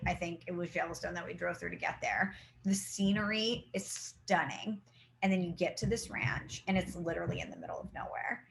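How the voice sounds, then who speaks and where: A woman's voice: on the low side, vocal fry, a little hiss or hum. Woman co-host telling stories. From St. Louis, Midwest US. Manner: animated storytelling with acted-out quotes. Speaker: podcast co-host. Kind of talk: casual chat.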